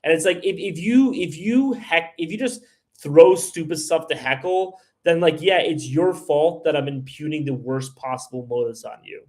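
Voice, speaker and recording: A man's voice: a little high, moderate pace, a little mellow. Blunt, heated man ranting on a livestream. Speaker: livestream host. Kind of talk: live stream chat answering viewers.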